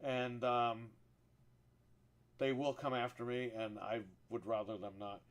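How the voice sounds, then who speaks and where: A male live streamer talks loosely to his chat in a voice that sits at an ordinary middle pitch. He rambles and curses freely. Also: unhurried. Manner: profane, rambling and animated when telling stories.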